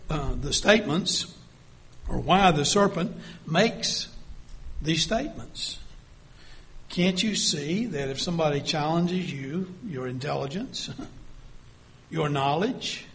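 A man preaching a sermon, reading scripture aloud and dropping to a hush for vivid scenes. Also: on the high side, slow pace, long pauses.

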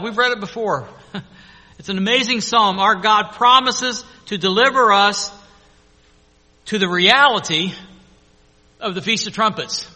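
A man preaching a sermon, telling a story in an earnest, animated way. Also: high voice, measured pace. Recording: long hall reverb.

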